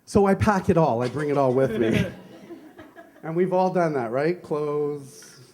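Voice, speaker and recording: A man's voice: fairly high pitch, a little slow, darkish tone. A man giving a conversational sermon as a minister, telling personal stories and asking rhetorical questions. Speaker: minister giving a Sunday talk.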